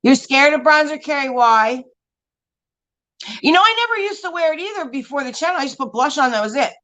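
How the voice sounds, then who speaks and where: Chatty rambling woman, fairly high voice. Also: expressive, fairly quick, sharp tone, low-quality recording. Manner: rambling and chatty, full of "like" and restarts; laughs often while talking. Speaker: beauty vlogger hosting a live stream. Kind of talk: casual live-stream chat answering viewers.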